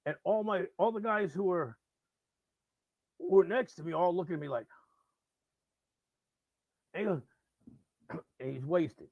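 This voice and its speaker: A fairly high, gravelly man's voice, loose and casual as he spins an anecdote. He jumps into loud, animated impressions of the people in his story. The sound is dry and a little muffled. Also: unhurried, long pauses, no room sound. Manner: animated, acts out quoted voices loudly. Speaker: radio host telling a story. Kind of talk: casual live-stream storytelling.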